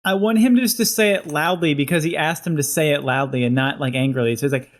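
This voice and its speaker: A man's voice: a little high, fast, hardly any pauses. A man co-hosting a comedy podcast, chatting easily about a sketch he is writing. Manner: easygoing, laughs often. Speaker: podcast co-host and sketch writer.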